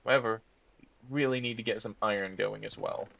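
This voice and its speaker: Low, gravelly man muttering through a game. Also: fairly even intonation, fairly quick, fairly bright tone, highs cut off, a little hiss or hum. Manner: muttering, thinking aloud while playing. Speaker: let's-play gamer. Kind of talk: casual gameplay commentary.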